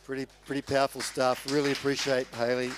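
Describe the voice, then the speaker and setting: A man, a pastor thanking the speaker in a relaxed, informal way. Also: mid-range voice, fast, noisy background. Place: church.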